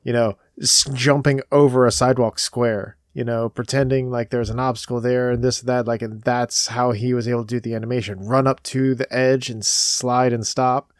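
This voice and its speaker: A chatty man tells stories and shares his excitement in a casual game chat, his voice sitting at an ordinary pitch. It is recorded close and dry. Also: normal speed, hardly any pauses, no echo. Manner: eager fan, chatty storyteller. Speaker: podcast co-host. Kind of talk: casual chat about video games.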